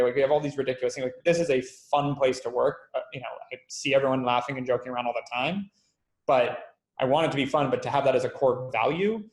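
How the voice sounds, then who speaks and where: A man, a company founder, being interviewed and telling stories in a lively way, acting out quoted dialogue. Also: medium pitch, roomy sound. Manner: fast, animated, acts out quoted dialogue. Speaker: guest, company founder and CEO. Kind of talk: conversational interview storytelling.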